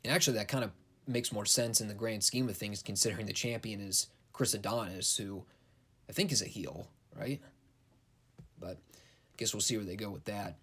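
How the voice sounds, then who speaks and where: A man's voice: on the low side, normal speed, fairly bright tone, breathy edge. A young man giving a casual, blunt and sarcastic recap of wrestling shows, swearing freely. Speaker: wrestling show reviewer.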